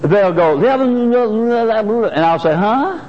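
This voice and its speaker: An older male pastor preaches with a high, swooping voice that rises and falls freely. He hammers home key phrases by repeating them. The sound is dull and lo-fi, with a long reverb trailing through a church hall. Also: expressive, normal speed. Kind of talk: sermon. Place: church sanctuary.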